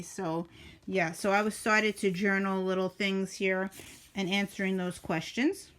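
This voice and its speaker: A middle-aged woman talks through the pages of her journal in a loose, chatty way. She rambles, trails off and restarts her sentences, filling the gaps with ums. Her voice sits at an ordinary middle pitch. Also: fairly even intonation, unhurried, fairly bright tone, smooth. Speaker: journaling vlogger. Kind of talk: casual journal flip-through.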